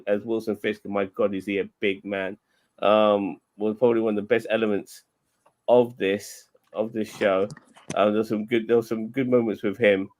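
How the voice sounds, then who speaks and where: Blunt, low-voiced man. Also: a little mellow. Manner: blunt, opinionated, sweary. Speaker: podcast co-host. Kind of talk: casual chat.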